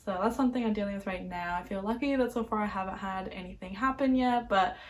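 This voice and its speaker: A woman's voice: medium pitch, quick pace. A young woman, talking candidly to camera in a casual vlog, with lots of filler words. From Vietnam, adopted to the United States. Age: young adult. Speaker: vlogger.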